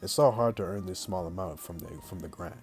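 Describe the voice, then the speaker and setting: Deep-voiced man reading a game aloud. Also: brisk, a little mellow, faint music behind. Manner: plain read-aloud, breaks off into slangy chat to viewers. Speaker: gaming channel host. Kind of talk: reading visual novel text aloud with casual asides.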